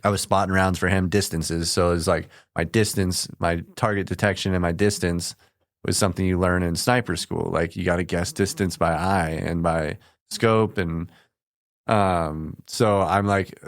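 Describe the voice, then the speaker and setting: Deep-voiced man telling war stories. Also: steady tone, moderate pace, dry recording, studio quality. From United States. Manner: plainspoken, matter-of-fact, with brief laughs. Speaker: podcast guest, combat veteran. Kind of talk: casual storytelling in conversation. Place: podcast studio.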